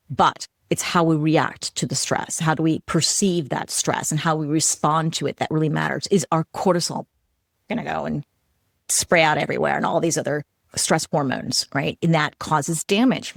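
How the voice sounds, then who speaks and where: A middle-aged woman hosts a solo educational show, talking in a chatty, animated way with easy laughs. Her voice sits low with a gravelly fry, and the sound is dry and close. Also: dry recording. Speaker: podcast host.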